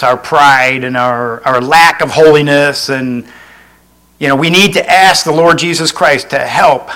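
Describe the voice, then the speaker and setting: A man's voice: a little high, fairly bright tone, poor audio. A male pastor preaching a sermon in an earnest way. He restates each point and adds folksy asides.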